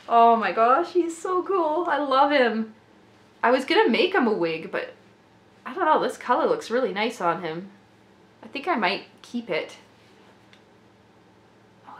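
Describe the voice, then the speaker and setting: A woman vlogging an unboxing in a casual, gushing and excitable way, laughing often, her throat slightly rough. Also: on the high side. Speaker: doll collector vlogger. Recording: echoey room with faint noise.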